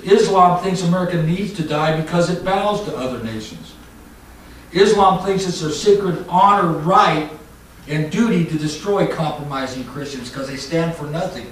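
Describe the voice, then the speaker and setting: A man preaching a fiery sermon, swinging from loud mocking shouts to low, intense warnings. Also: a little hiss or hum. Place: church hall. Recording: echoey church hall mic from a distance.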